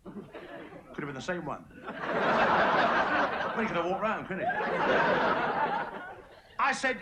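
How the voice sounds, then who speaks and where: A hoarse man giving an after-dinner comedy speech as guest of honour, trading deadpan one-liners and self-mocking asides in front of a lunch audience. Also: sits high, slow pace, pauses often, heavy background noise. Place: banquet hall before a lunch audience. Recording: muffled archive recording, echoey banquet hall, loud laughing crowd.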